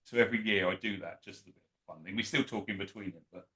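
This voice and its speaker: A man, a podcast guest telling stories in a lively, anecdotal way. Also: low voice, fast, low-quality recording. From England. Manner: lively anecdotal, acts out quoted voices. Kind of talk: casual storytelling.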